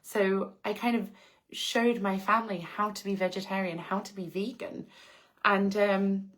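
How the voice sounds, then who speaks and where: A woman's voice: medium pitch, flat delivery, measured pace, a bit bright. A woman from England with an English accent, hosting a casual live stream, reading out viewer comments and answering in a gushing way with frequent laughs. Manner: effusive, gushing, laughs often.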